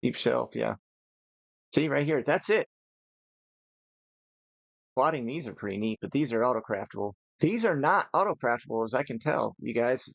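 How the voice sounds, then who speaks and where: A man's voice: mid-range voice, animated, moderate pace, creaky, long pauses, no echo, dull audio. A tired man giving casual, rambling commentary while playing a modded building game, thinking aloud as he goes. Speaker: gaming channel host.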